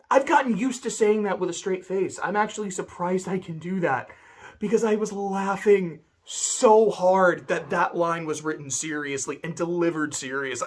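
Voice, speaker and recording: A man talking casually about a visual novel he played, swearing a lot and breaking into laughter as he retells scenes. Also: high-pitched. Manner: profane, laughing, animated storytelling. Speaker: video essay host reviewing a visual novel. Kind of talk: casual spoken review.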